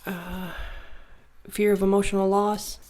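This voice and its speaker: A woman's voice: mid-range voice, little pitch movement, measured pace, a little mellow, slight background noise. A woman giving a casual tarot reading, reading card messages aloud and musing and joking between them. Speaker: tarot reader.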